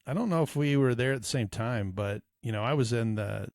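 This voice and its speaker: A man's voice: mid-range voice, a little fast, vocal fry, darkish tone, dry recording, clean studio sound. A man co-hosting a hobby podcast, chatting in an easygoing way and repeating words as he thinks. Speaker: podcast co-host. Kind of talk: casual chat.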